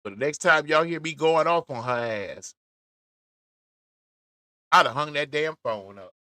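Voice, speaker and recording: A man hosting a reaction commentary, animated, often pausing the clip to talk. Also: fairly high pitch, dry recording. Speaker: commentary channel host. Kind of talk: reaction commentary on a played call.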